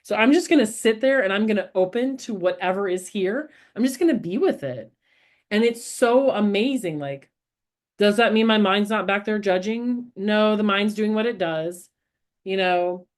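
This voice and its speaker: A woman co-hosting a podcast, talking in a casual, earnest and reflective way, often laughing at herself. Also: medium pitch. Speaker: podcast co-host. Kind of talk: casual spiritual conversation.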